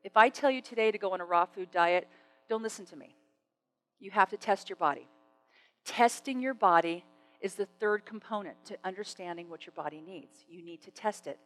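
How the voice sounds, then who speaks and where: A woman's voice: mid-range voice, a little fast, dry recording, faint music behind, low-quality recording. A middle-aged woman giving a motivational stage talk, telling stories animatedly and acting out the dialogue. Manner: animated storytelling, acts out dialogue. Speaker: speaker. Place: stage before an audience.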